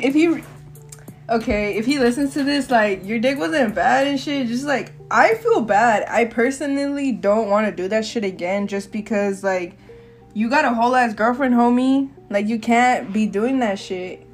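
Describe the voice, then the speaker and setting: A young woman with a fairly high voice chats loosely and candidly on her solo podcast. She rambles through a story in heavy slang and laughs often. Soft music plays faintly behind her. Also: normal speed. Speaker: podcast host. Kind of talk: casual solo podcast chat.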